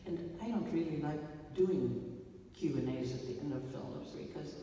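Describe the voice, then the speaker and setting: A woman's voice: deep voice, moderate pace, mellow. A woman filmmaker speaking to an audience after a screening, telling rambling stories with a wry, playful humor. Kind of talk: stage talk to an audience. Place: large theater hall. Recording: echoey hall from far off, faint noise.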